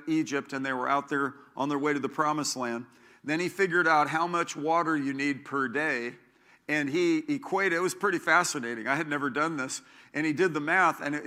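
A man preaching a sermon, emphatic, repeating key phrases slowly for note takers. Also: a little high, pushed and bright.

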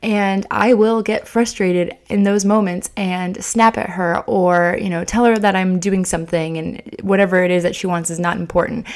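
A woman's voice: medium pitch, steady tone, moderate pace, few pauses. A young woman hosting a podcast, speaking candidly and confessionally about parenting mistakes, with frequent fillers and restarts. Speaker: podcast host. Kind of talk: casual personal podcast talk.

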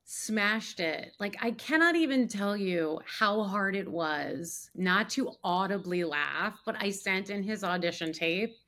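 A woman's voice: mid-range voice, lively intonation, measured pace, hardly any pauses, pushed and bright. A woman who works as an actor and casting director, chatting casually on a podcast and telling stories with lots of fillers. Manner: chatty storyteller, many fillers and acted quotes.

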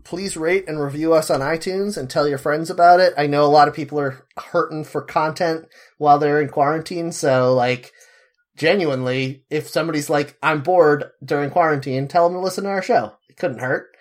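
A man's voice: on the high side, moderate pace. A young man co-hosting a podcast, chatting casually with a wry, joking delivery. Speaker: podcast co-host. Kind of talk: casual chat.

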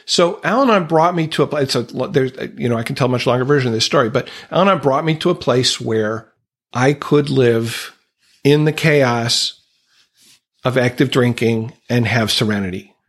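A man's voice: mid-range voice, moderate pace. A man speaking as a podcast guest, earnest and reflective, candidly telling a personal recovery story and openly emotional at times.

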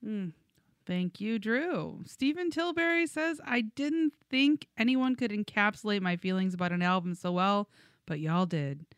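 Giggly woman co-host, smooth clear voice. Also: medium pitch, unhurried, no room sound, studio quality. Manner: giggly, reads comments aloud. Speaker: podcast co-host. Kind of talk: casual chat reading listener comments.

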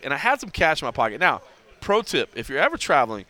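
A man's voice: a little high, sing-song, fast, bright, forceful tone. A man hosting a podcast, telling a story in casual chat and acting out the dialogue with lots of energy. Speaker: podcast host.

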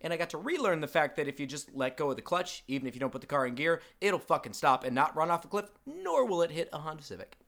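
A man casually telling a story to friends on a podcast, loud and animated, swearing freely. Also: a little high, fast talker, gravelly, few pauses. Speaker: podcast co-host.

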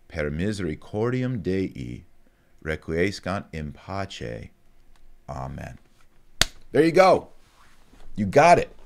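A man giving a casual online lesson, slowly sounding out Latin prayers and explaining them word by word with chatty asides. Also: very deep voice. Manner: slow, careful enunciation of Latin words, chatty asides.

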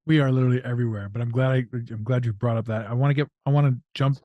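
A man's voice: mid-range voice, rapid-fire, no echo, narrow, tinny audio. A man hosting a podcast in casual chat, telling stories and acting out voices for laughs. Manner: animated, acts out voices and jokes. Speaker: podcast host.

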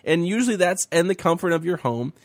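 A man with a fairly high voice, teaching through a Bible story on a faith talk show. He is animated and voices the characters' pleas with feeling. The recording is close and dry. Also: fairly quick, dry recording. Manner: animated, acting out the biblical speakers' lines.

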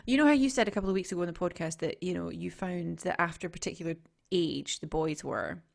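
Middle-aged female co-host, low gravelly voice, loose conversational delivery with restarts. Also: fast, a little mellow. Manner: chatty, trailing off, restarts a lot. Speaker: podcast co-host. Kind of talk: casual chat.

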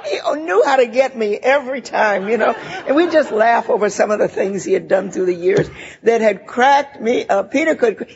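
Older woman, gravelly voice, recovery meeting share, warm laughing storytelling, muffled lo-fi recording. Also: fairly high pitch. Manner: laughing, heartfelt storytelling with many "you know" asides.

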